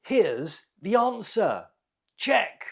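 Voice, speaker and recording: A man hosting an English quiz lesson, slowly modelling words with deliberate pronunciation. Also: high voice, very animated, gravelly, slightly rough. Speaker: English teacher.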